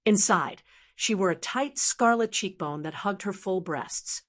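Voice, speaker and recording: A woman reads a long fantasy novel aloud at a middle pitch. Her narration is steady and measured, built for chapter-length listening. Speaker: audiobook narrator. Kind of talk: scripted narration.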